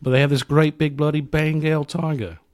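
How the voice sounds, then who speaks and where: A man putting on a put-on British accent to play a boastful male roadie telling a tall tale, in a deadpan way. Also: on the high side, moderate pace, dry recording, close to an everyday voice.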